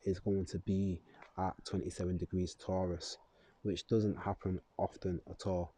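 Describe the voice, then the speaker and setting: Deep, husky, and warm, this astrology vlogger's voice holds a level tone at a measured pace. He talks casually to camera in a rambling way, chuckling and fixing his own slips along the way.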